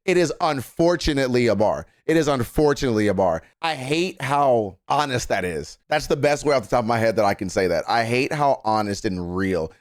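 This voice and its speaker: A man hosts a reaction video in a casual, animated way, hammering home his points and repeating phrases. His voice sits at an ordinary middle pitch. The sound is dry and close, with little room around it. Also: a little fast, few pauses, no echo. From Texas. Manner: animated, emphatic, frequent profanity and repeated phrases.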